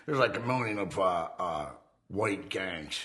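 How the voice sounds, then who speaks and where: A middle-aged man telling his story in a candid documentary interview, streetwise and profane, with an animated, swearing delivery. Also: low-pitched, a little slow. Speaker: interviewee recounting his criminal past.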